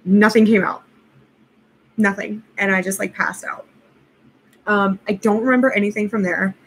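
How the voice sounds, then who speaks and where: A young woman tells a personal story straight to the camera in a casual, rambling way, full of "like" and "um". Her voice sits at an ordinary middle pitch. She laughs at her own slips, and faint room noise hums underneath. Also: steady tone, moderate pace, poor audio. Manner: rambling, filler-heavy, laughs at herself. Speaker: vlogger.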